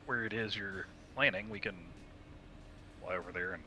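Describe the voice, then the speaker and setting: A man's voice: on the low side, moderate pace, crowd noise. A man on voice chat helpfully pointing things out to his fellow players. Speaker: gaming teammate. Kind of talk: casual gaming chat. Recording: faint noise behind.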